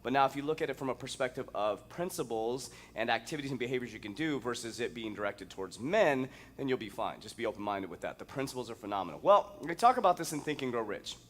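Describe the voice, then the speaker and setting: A man coaching fitness who gives an energetic, emphatic motivational talk, drawing out single words and breaking into sudden loud outbursts. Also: mid-range voice. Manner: drawn-out, playful stresses on single words.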